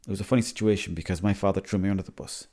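A man's voice: low voice, steady tone, racing, darkish tone. Irish man rambling on a podcast. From Ireland. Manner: rambling, chatty, swears freely. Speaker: podcast host. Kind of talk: casual solo podcast monologue.

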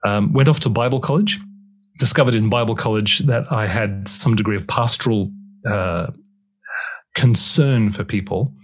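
A man from Australia, an author and broadcaster, talking about his life in a relaxed interview with self-deprecating humor. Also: lowish voice, moderate pace.

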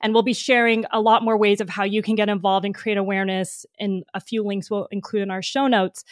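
A woman's voice: medium pitch, little pitch movement, fairly quick, dry recording, studio quality. A woman hosting a podcast interview, speaking in an earnest, heartfelt way. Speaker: podcast host.

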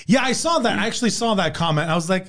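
Brief: middle-aged male comic, high voice, rambling, profane, quick to laugh. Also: lively intonation, crowd noise. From Canada. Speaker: comedian and podcast host. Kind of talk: casual chat.

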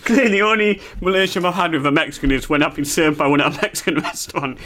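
A man's voice: on the high side, very fast, a bit bright, slight background noise. A man co-hosting a comedy podcast, teasing his partner and laughing at himself. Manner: giggly, self-mocking, teasing. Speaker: podcast co-host. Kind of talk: bickering comedy podcast chat.

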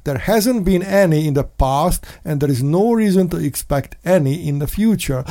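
A man hosting a casual commentary monologue, sarcastic, mocking in put-on voices and breaking into sudden shouts. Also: on the high side, lively intonation, normal speed, hardly any pauses. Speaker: podcast host.

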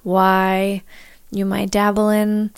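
A woman's voice: mid-range voice, monotone, takes it slowly, smooth, no echo, studio quality. A woman co-hosting a podcast, chatting casually and chiming in with short supportive replies. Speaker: podcast co-host.

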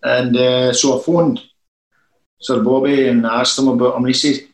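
A man's voice: medium pitch, flat delivery, moderate pace, reverberant, poor audio. A man, a former football manager telling rambling anecdotes in a casual interview.

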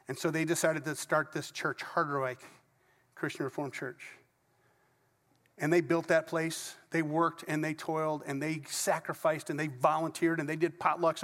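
A man's voice: a little high, a bit bright. Middle-aged male pastor, casual story-led sermon with asides, recorded in a reverberant church. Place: church sanctuary before a congregation. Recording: long reverb of a large church hall.

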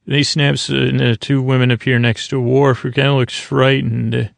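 A man hosting a podcast, casually recapping a TV episode in halting speech with many filler sounds. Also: medium pitch, level tone, gravelly, dry recording. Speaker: podcast host.

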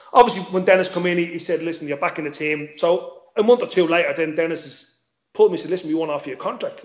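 In an echoey room, a former footballer guest with a fairly high-pitched voice relaxes into a football anecdote. He swears without restraint and performs each bit of quoted dialogue.

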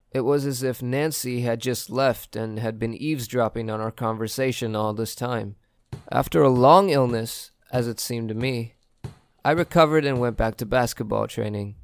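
A man reading a first-person story aloud as a steady, even storyteller. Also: mid-range voice, vocal fry, no room sound, clean studio sound. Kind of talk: first-person scripted narration.

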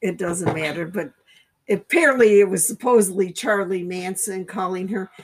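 A woman's voice: medium pitch, normal speed, husky. A young woman co-hosting a podcast, bluntly cutting in with dismissive critiques of a film. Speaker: podcast co-host. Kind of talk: casual chat.

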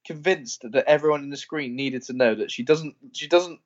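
A man co-hosting a casual film podcast, telling stories and breaking into shrill impressions. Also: a little fast, lo-fi sound. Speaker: podcast co-host. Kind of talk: casual film review chat.

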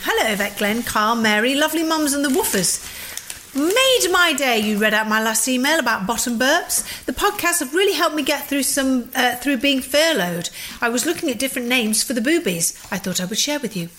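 A woman's voice: high-pitched, lively intonation, normal speed, bright, forceful tone, a little hiss or hum. A woman co-hosting a podcast, reading a listener email aloud in a giggly, cheeky way. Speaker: podcast co-host.

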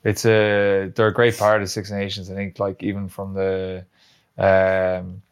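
A man's voice: low-pitched, monotone, measured pace, smooth. A man, a guest athlete answering hesitantly with lots of fillers. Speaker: guest rugby player. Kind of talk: interview answers.

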